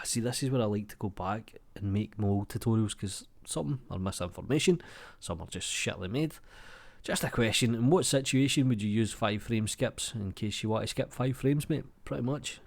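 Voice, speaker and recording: A man in his young adult years talks through viewer comments in a loose, unhurried way, swearing freely and calling everyone mate. His voice sits a little low, and he sounds like he is getting over a cold. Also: a little mellow. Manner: laid-back, swears freely, says mate a lot. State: has a cold. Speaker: YouTube creator. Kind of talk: casual chat reading viewer comments.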